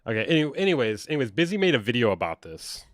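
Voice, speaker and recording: A man's voice: mid-range voice, very animated, fast, no room sound, clean studio sound. A young man doing casual livestream commentary as a music producer, blunt and sarcastic, swearing freely as he reacts. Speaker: music producer streamer reacting to online drama.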